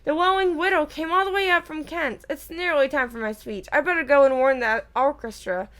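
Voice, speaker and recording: A woman's voice: high-pitched, brisk, fairly bright tone. A woman doing a proud, stiff male ghost, Nearly Headless Nick. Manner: stiff, prim.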